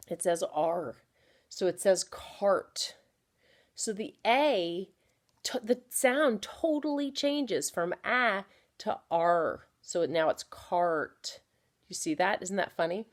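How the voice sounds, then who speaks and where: A woman teaching a phonics lesson to young children, sounding out words slowly and chatting playfully between them. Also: lowish voice. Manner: slow, drawn-out sounding of words. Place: home, at a small easel.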